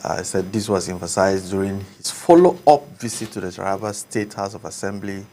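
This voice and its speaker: Low-voiced co-presenter. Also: male voice, fairly quick, warm tone, slight background noise. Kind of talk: reading a news story aloud.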